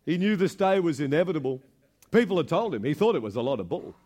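A male pastor delivering an animated sermon, retelling a story with frequent repeated words. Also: on the high side, quick pace.

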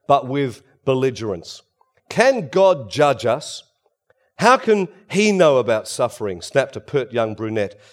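A man preaching a sermon, swinging between loud emphasis and hushed, quiet passages. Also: mid-range voice.

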